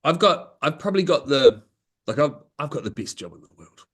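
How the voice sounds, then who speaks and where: A man, a communication coach, telling stories in a casual podcast conversation, animated and laughing often as he acts out what people said. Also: fairly high pitch, brisk.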